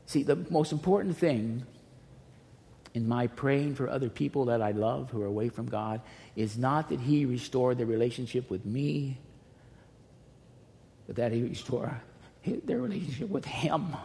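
Warm-voiced pastor preaching in a hall. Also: male voice, mid-range voice, expressive, moderate pace, creaky, long pauses. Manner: emphatic and repetitive, swinging from loud pleas to hushed near-whispers. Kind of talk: sermon. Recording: reverberant hall with faint noise.

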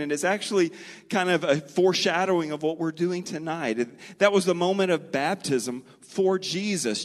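A middle-aged man preaching a sermon, earnest and storytelling, slowing and speeding up for emphasis. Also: on the high side. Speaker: pastor. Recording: long reverb of a large hall.

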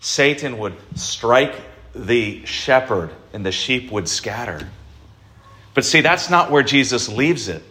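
A male pastor giving an Easter sermon, preaching in a deliberate, emphatic way and lifting his voice for stress. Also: mid-range voice, lively intonation, pushed and bright.

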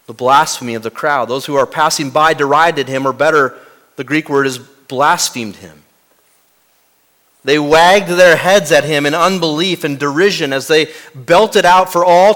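Pastor delivering a sermon, dramatic, voice falling to a near hush, fairly high-pitched man. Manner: dramatic, swinging from loud to hushed; rhetorical questions to the congregation.

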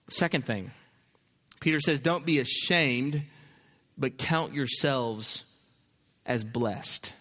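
A man's voice: medium pitch, slow pace, fairly bright tone, big-room sound. A male pastor preaching a sermon, emphatic, with repeated phrases and rhetorical questions.

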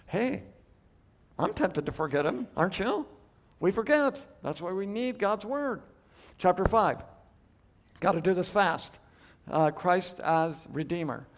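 A man teaching a Bible study lecture, emphatic, moving between loud stresses and hushed asides, asking rhetorical questions and restarting his phrases as he thinks aloud. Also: high-pitched, animated, unhurried, pauses often, a little hiss or hum.

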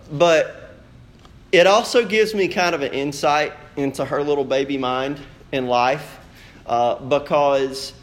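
Storytelling young male pastor, slightly high. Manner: storytelling, animated, acts out quotes. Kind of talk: sermon.

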